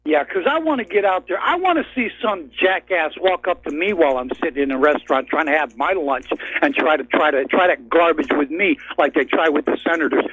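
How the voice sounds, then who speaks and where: Man, angry call-in rant, husky voice, tinny phone line, profane. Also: a little high, fairly quick, few pauses, a bit bright, no echo. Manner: furious, blunt and profane. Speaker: caller. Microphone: telephone.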